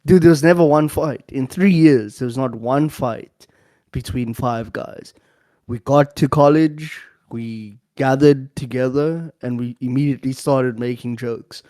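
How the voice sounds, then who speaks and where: Slow-talking man, dry sound. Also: medium pitch, dark tone, no echo. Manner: rambling anecdote, fillers, laughs often. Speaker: podcast co-host. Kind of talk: casual discussion.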